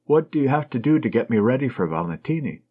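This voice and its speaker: A man reading an audiobook, voicing a wounded young American soldier in love with plain, earnest, short replies in a husky voice, on a dull lo-fi recording. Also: medium pitch, very animated, fast talker.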